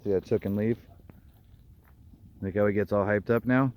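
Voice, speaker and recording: A man's voice: lowish voice, fairly even intonation, moderate pace, background noise. A man, a dog trainer, explaining his dogs' behavior and calling to them on an outdoor walk. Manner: calls out to dogs, explains their behavior. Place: outdoors on a trail. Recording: dull lo-fi outdoor recording.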